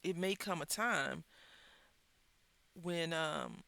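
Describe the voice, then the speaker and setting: A woman hosting a crafting video, telling a story in a chatty, animated way with wry asides while she works at her craft table. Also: on the low side, extremely slow, vocal fry, dry recording. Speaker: craft channel host.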